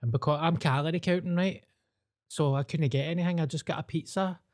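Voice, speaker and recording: A man's voice: fairly high pitch, fairly even intonation, brisk. A man with a Glaswegian Scottish accent, chatting casually and telling dry, complaining anecdotes. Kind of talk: casual chat.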